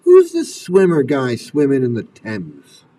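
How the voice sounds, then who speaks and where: A man's voice: mid-range voice, wildly swooping pitch, measured pace, a little hiss or hum. Furious profane man ranting at a distance. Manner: profane, furious, shouting rhetorical questions. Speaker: commentary video host. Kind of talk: angry commentary rant.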